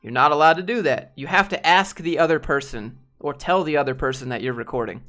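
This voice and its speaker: A man with a fairly high, bright, forceful voice talks briskly to his viewers in a casual live-stream chat. He's blunt and rambling, using fillers and swearing now and then.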